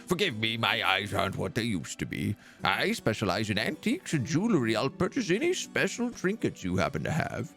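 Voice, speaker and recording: A man's voice: fairly low pitch, wildly swooping pitch, brisk, vocal fry, hardly any pauses, fairly bright tone, soft background music, heavily acted. A man voicing a polite, frail old male antique dealer in a video game, speaking hesitantly and apologetically. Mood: genial.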